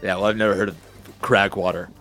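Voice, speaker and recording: Fast-talking low-voiced joking player. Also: male voice, level tone, fairly bright tone, faint music behind. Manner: joking, quick banter.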